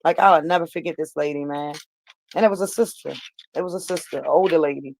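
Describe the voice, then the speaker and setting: A woman's voice: low voice, brisk, creaky, a little mellow, rough recording. A woman vlogger telling a personal story straight to her viewers, emphatic and repeating herself for weight.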